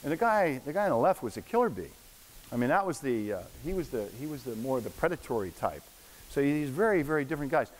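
A man in his sixties, a guest lecturer, tells stories in a casual, anecdotal lecture at a university hall, his medium-pitched voice very animated and fast. He slips into voices when quoting people, and the recording is echoey with faint hiss.

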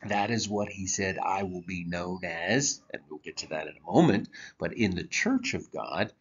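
A man teaching a Bible lesson from slides, explaining deliberately with occasional halting restarts. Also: deep voice, lively intonation, husky. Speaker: church teacher. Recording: dull lo-fi recording.

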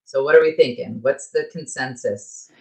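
A woman's voice: a bass voice, moderate pace, a little mellow, poor audio. A woman co-hosting a podcast from home on headphones and a microphone, chatting casually with teasing, bossy comebacks. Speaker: podcast co-host. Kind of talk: casual chat. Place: at home, on a remote call.

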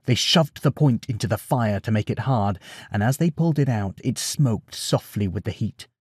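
A man narrating a bedtime story in an expressive, animated way. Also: lowish voice, moderate pace, husky, no room sound, clean studio sound.

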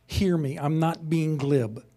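A man's voice: fairly high pitch, takes it slowly, dark tone. A man teaching a sermon-style lesson, conversational and passionate, rising to emphatic peaks. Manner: conversational asides, chuckles.

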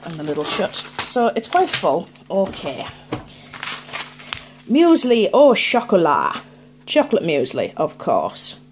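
Lively chatty woman. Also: low-pitched, measured pace, hardly any pauses, background noise. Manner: chatty, playful, thinking aloud. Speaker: unboxing vlogger. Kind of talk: casual unboxing chat.

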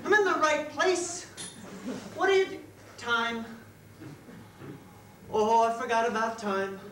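A woman's voice: on the high side, big pitch swings, slow. A woman performing live on stage as a flustered, giggly female goddess-in-training who chats directly with the audience. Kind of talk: live solo theater performance. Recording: echoey live room, distant mic, background noise.

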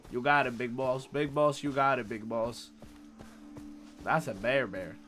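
A young man streaming a shooter game live, swearing and trash-talking through casual commentary with sudden loud outbursts. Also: mid-range voice, normal speed, soft background music. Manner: profane, loud, reacts with outbursts and trash talk. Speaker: gaming streamer.

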